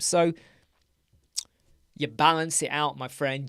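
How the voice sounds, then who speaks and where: Excitable man rambling on a live stream. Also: fairly high pitch, unhurried, no echo. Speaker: host.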